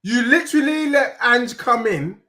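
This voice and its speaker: A young man, a Tottenham fan talking football and teasing rivals in lively banter. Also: very high voice, moderate pace. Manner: boastful, teasing, half-sung chants. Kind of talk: animated football banter, singing taunts.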